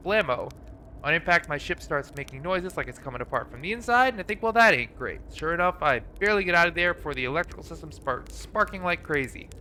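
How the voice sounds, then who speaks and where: A man reading out a laid-back, folksy alien pilot from a space exploration game, stranded and unbothered, trading in dry jokes. The voice sits a little high and sounds bright and forceful. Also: a little hiss or hum. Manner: folksy, dry humor, read aloud from on-screen dialogue. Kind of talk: reading game dialogue aloud.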